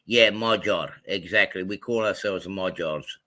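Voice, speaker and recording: A man's voice: deep voice, measured pace, bright, forceful tone. A man from Australia chatting casually on a livestream, rambling with many ums and self-corrections. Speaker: livestream host.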